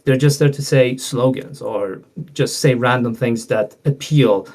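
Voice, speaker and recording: A man's voice: medium pitch, a little slow, darkish tone. A man, a guest on a talk show, explaining political debate in a lecturing, conversational way. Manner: explanatory, lecturing, acts out quoted speakers.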